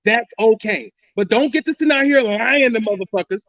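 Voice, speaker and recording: A man's voice: very high-pitched, fairly quick, fairly bright tone. A man talking brashly and boastfully in a casual podcast discussion, swearing freely. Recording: dry, dull lo-fi mic.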